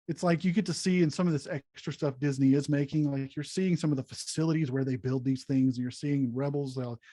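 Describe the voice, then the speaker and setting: A man co-hosting a casual podcast chat, talking in an animated way and dropping into silly voices. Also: medium pitch, brisk, no echo. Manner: animated, jumps into silly voices when retelling skits. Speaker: podcast co-host, pastor.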